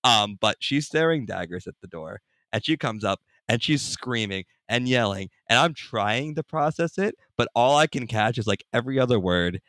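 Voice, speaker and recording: A young man, a podcast guest, telling a personal story in a casual, animated way, acting out the people in it. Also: medium pitch, moderate pace, dry recording, clean studio sound. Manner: animated, acts out voices in anecdotes.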